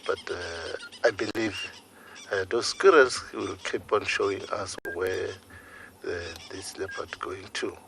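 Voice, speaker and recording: A man working as a field guide, explaining a sighting in a measured, hesitant way during a live safari broadcast outdoors. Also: low voice, vocal fry, noisy background. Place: outdoors on a game drive.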